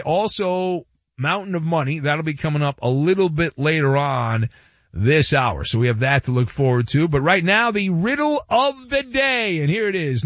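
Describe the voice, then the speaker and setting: Male sports radio host, lively and wry, slightly high voice, dry and somewhat dull studio sound. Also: no echo. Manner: animated, wry and playful, with asides and repetition. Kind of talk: sports talk radio monologue. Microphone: studio microphone.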